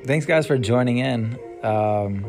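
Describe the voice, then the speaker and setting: This young podcaster rambles alone on his show with music behind him, drifting off mid-thought amid ums and sighs. He speaks slowly at a medium pitch, with a darkish tone.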